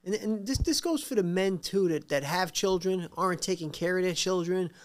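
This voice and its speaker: A man's voice: high-pitched, moderate pace. A man hosting a casual interview with his mother, explaining things to the audience and prompting her stories. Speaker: host, the guest's son.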